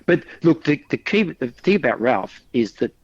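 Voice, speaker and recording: A man's voice: medium pitch, big pitch swings, normal speed, husky, dry recording, muffled recording. A middle-aged man with a mid-range voice talks as a guest, trading stories with frequent stumbles and repeats. The recording is dry and close. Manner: chatty, stumbling repetitions, anecdotal. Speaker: guest, loudspeaker designer. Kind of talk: casual conversational interview.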